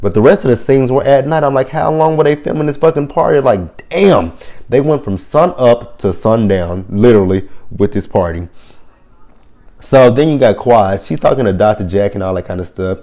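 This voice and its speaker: A man with a lowish, mellow voice casually recaps a reality show episode. He talks bluntly and swears freely when something annoys him. He rambles and keeps correcting himself as he goes. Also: animated, normal speed. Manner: rambling with frequent self-corrections.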